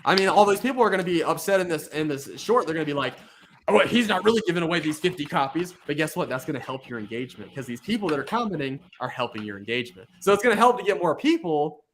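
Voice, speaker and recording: A man's voice: on the high side, very fast, hardly any pauses. A man hosting a casual chat, giving rambling advice full of fillers and restarts. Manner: rambling, filler-heavy, animated. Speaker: YouTube host giving channel advice.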